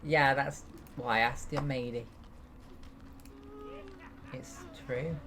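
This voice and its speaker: A woman's voice: very deep voice, steady tone, slow, fairly bright tone, slight background noise. A woman, streaming a game and chatting playfully with viewers as she reads the chat. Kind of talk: casual live-stream chat, reading and answering viewers.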